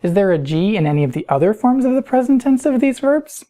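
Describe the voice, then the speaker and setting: A woman's voice: fairly high pitch, sing-song, quick pace, warm tone. A woman teaching a recorded grammar lesson, patient and explanatory, often putting questions to the listener. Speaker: Spanish teacher.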